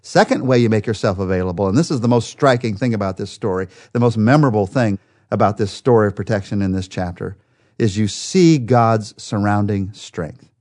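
A man's voice: on the low side, fairly quick, a little mellow. A man teaching a daily Bible study in an earnest way, rising to emphatic peaks to stress his points.

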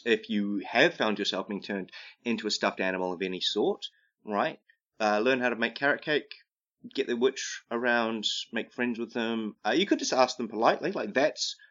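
A man's voice: mid-range voice, moderate pace, sharp tone. A man giving rambling comedic advice who keeps tagging his sentences with "right?". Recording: dull lo-fi recording.

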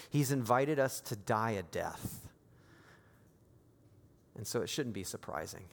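A man preaching a sermon as pastor, moving from quiet, intimate lines to raised, emphatic appeals. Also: fairly low pitch, creaky, long reverb tail.

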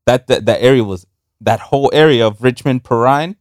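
A man's voice: mid-range voice, brisk, no echo, clean studio sound. A man in his thirties from New York, co-hosting a casual chat over beers, telling stories with frequent laughs and a few Spanish words. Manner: animated storytelling, laughs often, mixes in Spanish words. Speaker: podcast co-host.

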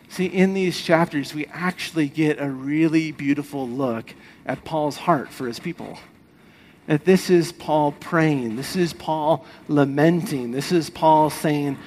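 A man's voice: on the high side, unhurried, slight background noise, poor audio. A man preaching a sermon, explaining the text earnestly with rhetorical questions and letting his voice fall at the end of phrases. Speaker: pastor.

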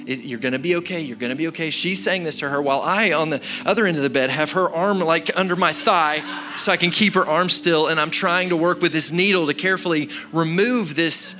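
A man in his thirties preaching a sermon as pastor, telling a story with animated shifts from loud to quiet. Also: a little high, brisk, few pauses. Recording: sermon with music behind. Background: music.

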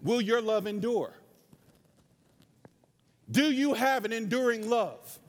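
Man, North Carolina accent, impassioned sermon, high voice, long hall echo. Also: expressive, takes it slowly. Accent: Southern US, North Carolina. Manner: passionate, impassioned preaching. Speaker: preacher.

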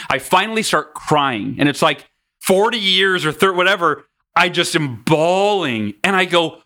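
A man in his forties, a podcast guest, telling candid personal stories in an animated, self-mocking way. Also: a little high, normal speed.

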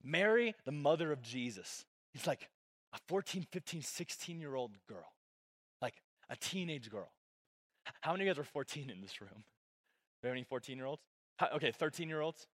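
A young adult man preaching a sermon in church, casual and animated, his talk full of "like", swinging between loud bursts and soft asides. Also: fairly high pitch, a little fast. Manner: casual, filler-heavy preaching with lots of "like". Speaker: pastor.

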